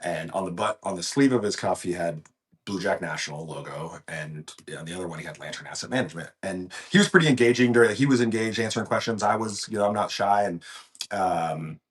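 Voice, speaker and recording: Golf pro guest, man, very low voice, lively storyteller who often restarts sentences. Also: a little fast. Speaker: golf professional, podcast guest. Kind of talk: casual storytelling interview.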